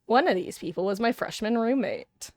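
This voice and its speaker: A woman's voice: a little high, animated, moderate pace, darkish tone. A young woman streaming live, chatting casually and self-deprecatingly with her viewers.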